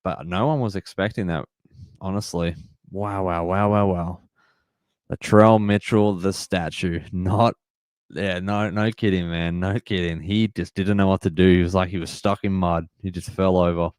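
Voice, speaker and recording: Deep-voiced guy doing live footy reactions, gets hyped and emotional, smooth dry sound. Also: moderate pace, dry recording. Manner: excitable, emotional, yells at big plays. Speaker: live stream host. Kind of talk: live match reaction commentary.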